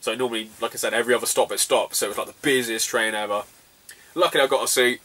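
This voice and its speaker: A man's voice: medium pitch, steady tone, rapid-fire, pushed and bright, distant mic. A young man from the southwest of England, telling a travel mishap story in casual vlog style, laughing often and swearing freely. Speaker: retro gaming vlogger.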